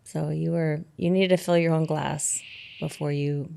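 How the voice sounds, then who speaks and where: Gravelly host with supportive reactions. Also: mid-range voice, fairly even intonation, normal speed, warm tone. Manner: supportive, frequent short reactions. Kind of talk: interview conversation.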